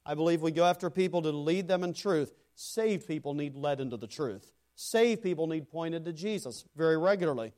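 A man's voice: fairly quick, hardly any pauses. Fervent male preacher, rising and falling. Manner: preaching with rising emphasis, then dropping soft and low; speaks to congregation members by name. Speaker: pastor. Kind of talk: sermon.

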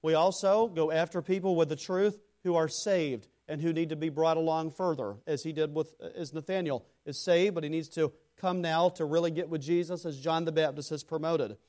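A man preaching a sermon in a fairly high voice. He climbs into loud, emphatic lines, then sinks into hushed, low-pitched asides. He talks straight to people in the pews, calling some by name. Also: steady tone, moderate pace, few pauses. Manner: speaks to congregation members by name. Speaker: pastor.

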